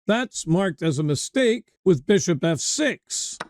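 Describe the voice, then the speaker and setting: A man's voice: high voice, very animated, slow pace, darkish tone, no echo, clean studio sound. A man coaching chess, calling out moves and drifting into chatty stories while talking to his viewers. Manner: chatty, digresses into anecdotes, addresses viewers. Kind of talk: chess game commentary lesson.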